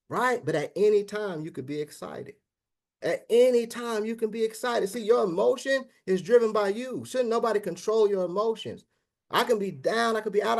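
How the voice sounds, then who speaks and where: A man giving a high-energy motivational business presentation over an online meeting. He talks casually, calling out "man" and "guys" and checking in with "right?" after nearly every point. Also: gravelly. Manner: high-energy, keeps asking the audience "right?".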